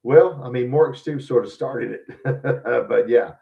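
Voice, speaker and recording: Slow and medium-pitched with vocal fry, a male podcast host from Louisiana rambles through a casual sports rant, his opinions blunt and profane. He sits far from the mic, and the audio sounds like a phone.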